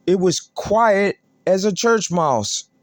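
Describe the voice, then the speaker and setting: A man's voice: high-pitched, expressive, slow pace, dry recording. Emphatic man ranting wrestling news. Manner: emphatic, repetitive, rhetorical questions. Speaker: host.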